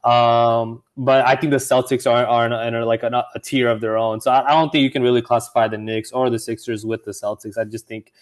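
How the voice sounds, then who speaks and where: A man's voice: medium pitch, level tone, fairly quick, few pauses. A man co-hosting a casual sports podcast, arguing his side with many restarts and easy laughs. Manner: hesitant, many restarts and fillers, laughs easily. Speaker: podcast co-host.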